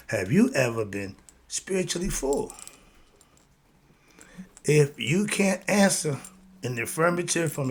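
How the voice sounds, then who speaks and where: A man's voice: mid-range voice, creaky, slightly rough. A man giving a motivational monologue about spiritual life, speaking in in a preachy, rhythmic way and repeating his catchphrases. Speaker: host.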